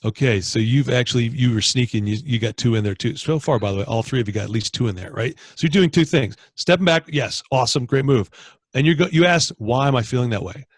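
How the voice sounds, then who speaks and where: A Canadian man leads a group training over a video call, speaking with lively, animated energy as a motivational coach. His voice sits at a middle pitch and sounds close and dry, with no room around it. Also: fast, no echo. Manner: energetic, animated, acts out inner dialogue. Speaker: training manager hosting a call.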